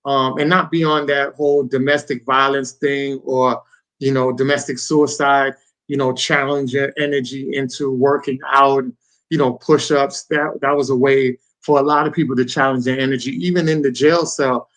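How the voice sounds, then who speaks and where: A man's voice: medium pitch, little pitch movement, normal speed, fairly bright tone. A man co-hosting a podcast in loose, rambling casual chat, often checking in with "you know what I'm saying". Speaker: podcast co-host.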